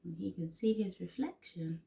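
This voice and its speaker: A woman reading a children's picture book aloud for storytime in an expressive, sing-song way. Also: lowish voice, moderate pace, vocal fry. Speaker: story reader.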